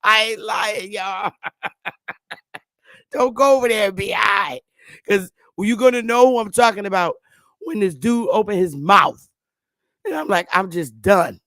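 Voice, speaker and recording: A woman hosting her own channel, chatting to viewers in a loose, profane way, laughing often and stammering when she gets excited. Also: mid-range voice, a little slow, long pauses, no echo, clean studio sound. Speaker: channel host. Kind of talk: casual commentary to viewers.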